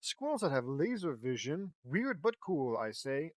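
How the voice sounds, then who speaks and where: A man's voice: medium pitch, animated, moderate pace, few pauses, dry recording, clean studio sound. A man reading fan fiction aloud as an audiobook, breaking off often for sarcastic, frustrated asides.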